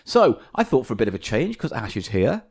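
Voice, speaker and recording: A man with a soft Scouse accent hosts a comedy podcast, blunt and sweary, often laughing. His voice moves with plenty of lift and dip in loose banter. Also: mid-range voice, very animated, brisk, creaky, husky. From near Liverpool. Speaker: podcast host.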